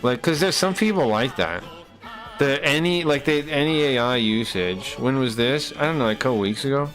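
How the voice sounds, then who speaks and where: A male streamer talks at a middle pitch, riffing to his chat in loose, swearing rants that cut off and start over. Faint music plays under his voice throughout. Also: lively intonation, moderate pace, fairly bright tone. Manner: rambling, profane, self-interrupting rants. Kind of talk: casual live-stream chat.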